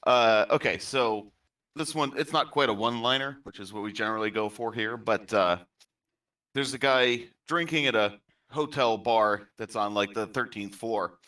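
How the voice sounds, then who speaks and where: A man's voice: lowish voice, moderate pace, pushed and bright, distant mic. A man telling jokes in a casual chat with friends, rambling and chatty.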